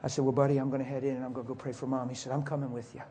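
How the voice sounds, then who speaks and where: A middle-aged man preaching a sermon as a story, acting out the voices and swinging from soft whispers to high cries. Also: level tone, racing, a little hiss or hum.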